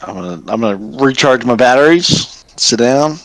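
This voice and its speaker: A man's voice: medium pitch, expressive, moderate pace, a bit bright, no echo, rough recording. A man playing a tabletop game, rambling and joking with the table. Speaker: player. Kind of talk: casual tabletop chat.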